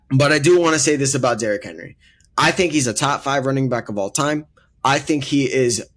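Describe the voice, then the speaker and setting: A man's voice: medium pitch, a bit bright. A man co-hosting a casual sports debate podcast, earnestly laying out his rankings with emphatic repetition. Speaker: podcast co-host.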